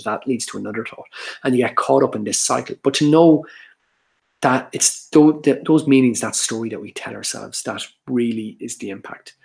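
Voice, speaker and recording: A man with a gravelly, mid-pitched voice talks a live audience through ideas step by step. He is earnest and explanatory, often breaking off and restarting his sentences. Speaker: speaker on social anxiety. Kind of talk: live workshop talk.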